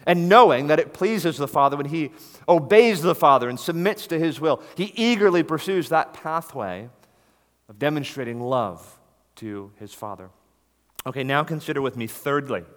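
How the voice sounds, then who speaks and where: A man's voice: fairly high pitch, lively intonation, moderate pace. Earnest male preacher in an echoing hall. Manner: earnest, emphatic, rises to stress key words. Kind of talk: sermon. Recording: long reverb of a large hall.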